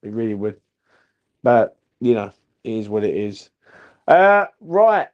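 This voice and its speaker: A man's voice: on the low side, sing-song, slow pace, dull audio. A drunk man, rambling and swearing through a post-match reaction vlog as the channel's host. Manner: rambling, sweary, repeats "do you know what I mean". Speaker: football fan channel host.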